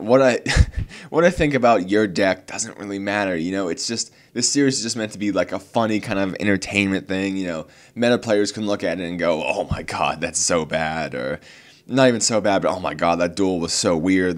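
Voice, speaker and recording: A young man hosting a card game channel, talking casually to camera in a rambling, earnest and slightly exasperated way, full of fillers and restarts. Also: low voice.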